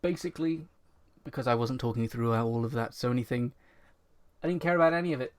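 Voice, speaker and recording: A man's voice: mid-range voice, brisk. A man co-hosting a podcast over an online call, chatting casually with dry, wry remarks. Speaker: podcast co-host. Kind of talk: casual chat. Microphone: online call microphone.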